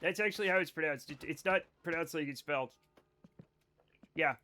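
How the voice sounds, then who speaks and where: A man's voice: on the high side, a little fast, pauses often, pushed and bright. A man streaming live, chatting casually with viewers in a rambling, joking, self-mocking way. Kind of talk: casual gameplay chat with viewers.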